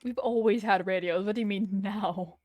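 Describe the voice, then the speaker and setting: A woman's voice: mid-range voice, fairly even intonation, moderate pace, a little mellow, no room sound. A woman chatting playfully and insistently while playing a roleplay game with friends. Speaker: streamer playing a roleplay server. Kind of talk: casual gaming chat.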